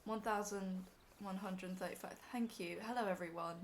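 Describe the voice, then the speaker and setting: A woman's voice: mid-range voice, normal speed, a little hiss or hum. A young woman on a live stream, emotional and teary as she talks to her chat from home.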